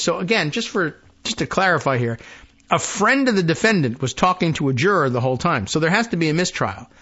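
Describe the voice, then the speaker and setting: A man's voice: on the high side, a bit bright, muffled recording. A man hosting a political talk show, reading news aloud with sarcastic asides and mock quotes. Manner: sarcastic, mocking, acts out imagined quotes.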